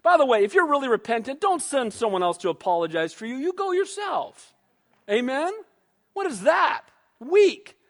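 A man preaching a sermon, animated, who acts out quoted voices and calls for amens. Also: very high voice, moderate pace. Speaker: pastor. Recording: long hall reverb.

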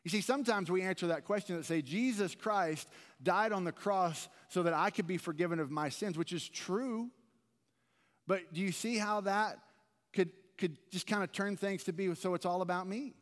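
Male pastor, earnest chatty sermon delivery, slightly high voice, long church-hall reverb. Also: moderate pace. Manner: earnest, conversational preaching with repeated restarts. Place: large church sanctuary.

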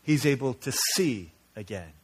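A male pastor preaches in an earnest, conversational storytelling manner. His voice sits at an ordinary middle pitch, and he shifts easily between lively family anecdotes and quieter, serious points. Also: unhurried, breathy edge. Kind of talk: sermon.

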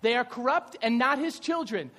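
A middle-aged male pastor preaching a lively sermon, shouting at the peaks and joking in playful asides. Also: extremely high pitch, moderate pace. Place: church. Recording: reverberant church hall.

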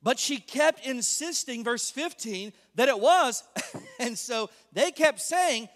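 A man preaching an animated sermon as pastor, joking and asking the congregation questions. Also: very high voice, a little slow. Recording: long reverb of a large hall.

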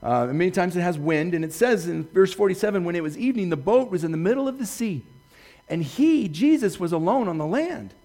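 A man preaching a sermon, retelling Bible stories with lively swings from hushed quoting to excited bursts. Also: sits high. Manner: animated storytelling, jumping from hushed to excited; quotes scripture slowly and softly. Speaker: pastor.

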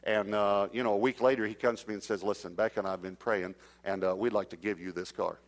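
Low-voiced preacher telling a story. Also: male voice, fairly even intonation, fast talker, a little hiss or hum. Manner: anecdotal, acts out dialogue, drops to a hush for suspense. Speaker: traveling preacher. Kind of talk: storytelling sermon.

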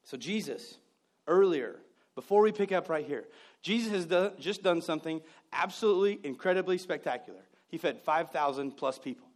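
Animated high-voiced male preacher. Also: normal speed. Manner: animated storytelling with mimicked voices and asides; jokey, sarcastic humor. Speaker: pastor. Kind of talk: sermon.

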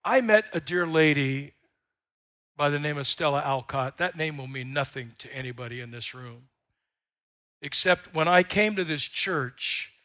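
A middle-aged man preaching a sermon as pastor, telling stories in a folksy way and swelling loud on key lines. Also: fairly high pitch.

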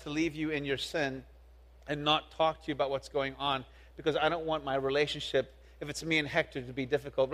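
A young youth pastor with a voice on the high side preaches briskly and animatedly. He acts out quoted voices and repeats words as he builds his point.

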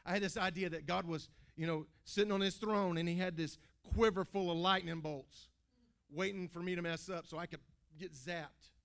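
A man preaching a sermon as pastor, his voice sitting a little high for a man. He talks in animated bursts, stumbles into restarts and folksy phrasing, and keeps calling out to his congregation. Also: gravelly. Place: church building.

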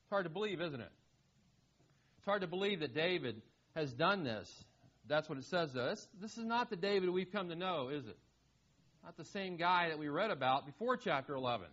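A man's voice: fairly high pitch, lively intonation, brisk, a bit bright. A man preaching a sermon in an earnest manner, asking rhetorical questions and often repeating words as he goes. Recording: dull lo-fi sound.

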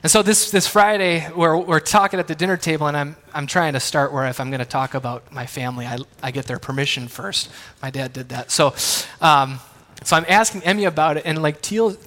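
High-voiced man preaching in a hall. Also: brisk, bright, forceful tone. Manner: conversational, self-deprecating, asks the audience questions. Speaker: pastor. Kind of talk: sermon with family anecdotes. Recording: long reverb of a large hall.

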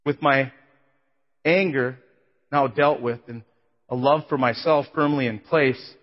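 A man preaching, telling his own story with emotion, his voice swelling loud and falling to a hush. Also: measured pace. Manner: emotional testimony, voice swelling then dropping low. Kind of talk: sermon. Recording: dull sound in a big reverberant hall.

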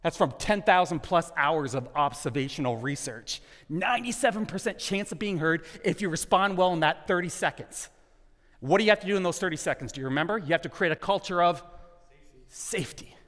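A man preaching a sermon with his voice set a little high. He speaks earnestly and keeps putting questions to the congregation. The sound carries a long reverb tail, as if it was recorded in a big church sanctuary. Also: brisk, a bit bright. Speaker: pastor.

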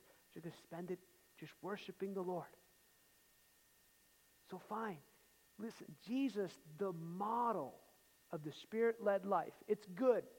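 Preacher with a big hall echo. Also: male voice, high voice, vocal fry. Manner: emphatic storytelling, dropping to quiet asides. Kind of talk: sermon. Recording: long hall reverb.

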